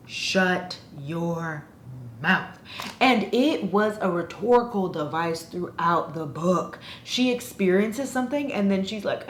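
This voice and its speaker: A woman's voice: on the low side, animated, slow. A woman casually ranting in a book review, sarcastic and exasperated. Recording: roomy echo with faint noise.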